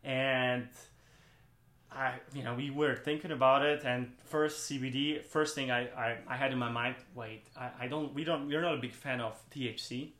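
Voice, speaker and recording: A man's voice: medium pitch, steady tone, moderate pace, a bit bright. Rambling man talking in a roomy room. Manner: rambling, frequent restarts and "like". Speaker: podcast guest, brand co-founder. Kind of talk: casual interview chat.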